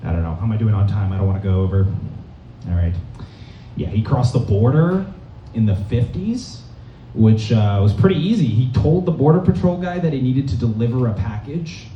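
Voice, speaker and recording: A young man from Massachusetts doing a rambling stand-up set in a comedy club, deadpan and full of fillers. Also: mid-range voice, normal speed, slight background noise. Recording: dull, roomy, distant club recording.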